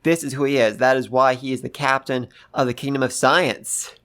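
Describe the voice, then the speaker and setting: A host giving a casual, gushing review of a manga chapter, talking excitedly and repeating phrases for emphasis. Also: medium pitch, normal speed. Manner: gushing, excitable, gasps and laughs. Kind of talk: casual commentary.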